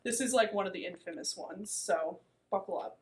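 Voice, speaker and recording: A woman's voice: medium pitch, normal speed, a loud crowd, poor audio. A woman in her twenties telling a dating story in casual chat, full of fillers and "like". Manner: chatty storytelling, many fillers and "like".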